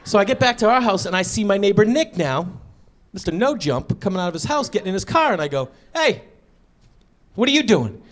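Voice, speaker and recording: A man in his thirties doing stand-up storytelling on stage, acting out dialogue and shouting his punchlines. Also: high voice, very animated, fairly quick. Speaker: stand-up comedian. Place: stage before a live audience.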